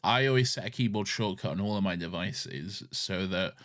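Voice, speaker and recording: A man co-hosting a TV rewatch podcast, chatting in animated, laughing, sweary banter. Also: deep voice, moderate pace, no room sound, clean studio sound. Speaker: podcast co-host. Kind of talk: casual chat.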